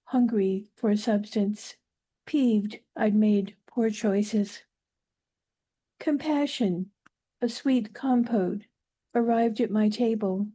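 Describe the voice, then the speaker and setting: Woman, poet, measured reading, slow, mellow tone. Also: medium pitch. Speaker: guest poet. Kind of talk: poetry reading.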